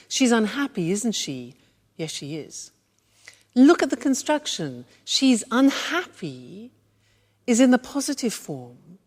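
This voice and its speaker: A woman teaching English at an unhurried pace. Her pitch swoops up and down with lots of life, and she leans hard on the melody of each example sentence. The recording carries a long, hall-like reverb. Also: darkish tone. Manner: stresses example sentences with sing-song intonation. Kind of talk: slow, deliberate language lesson.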